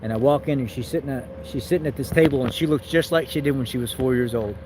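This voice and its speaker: A man's voice: medium pitch, quick pace, background noise. A man vlogging, telling a personal story in a rambling, emotional way, often repeating his words.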